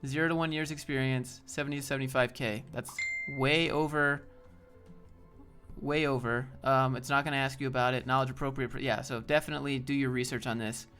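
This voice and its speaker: A man's voice: mid-range voice, steady tone, a bit bright, faint music behind. Rambling man chatting on a livestream. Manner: rambling, loose, quick asides to chat. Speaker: livestream host. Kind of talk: casual live stream chat, reading chat.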